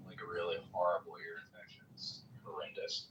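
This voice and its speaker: A man's voice: sits low, level tone, a little fast. A man in a casual political chat, joking with a wildly swooping delivery. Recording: roomy, distant mic with faint noise.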